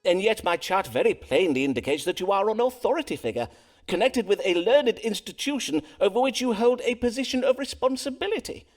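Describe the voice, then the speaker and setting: An actor playing a proud, suspicious Elizabethan astrologer-doctor in a game, speaking in formal archaic English. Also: male voice, sits high, lively intonation, fairly quick, faint music behind. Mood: accusing. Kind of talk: game voice acting.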